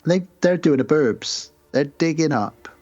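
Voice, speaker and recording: A man's voice: a little high, expressive, unhurried, darkish tone, dull audio, faint music behind. A man co-hosting a podcast, retelling film scenes and acting out the characters' lines in casual chat. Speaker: podcast co-host.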